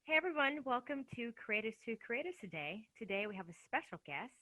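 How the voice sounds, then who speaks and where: Bright, bubbly woman hosting an interview. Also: fairly high pitch, very animated, a little fast, no room sound. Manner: laughs often, bubbly and chatty. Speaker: host. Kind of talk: casual interview.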